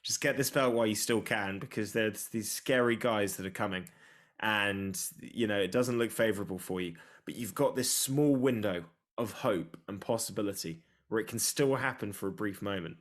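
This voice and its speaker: A man co-hosting a podcast, chatting casually and excitably about fights with a joking tone. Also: lowish voice, moderate pace. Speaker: podcast co-host. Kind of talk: casual sports chat.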